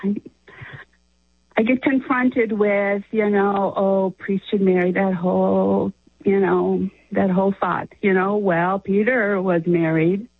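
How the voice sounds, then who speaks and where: A woman's voice: medium pitch, level tone, slow pace, slightly rough, dry recording. A woman calling in to a radio show, talking hesitantly and restarting her sentences. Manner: hesitant, restarts often, laughs while talking. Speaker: caller. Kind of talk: phone-in conversation. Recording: tinny phone line.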